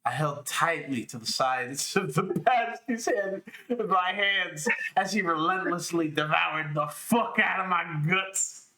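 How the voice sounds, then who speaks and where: A man's voice: a little high, measured pace, pushed and bright. A man co-hosting a podcast, doing a comedic reading of a crude novel and laughing as he goes. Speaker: podcast co-host.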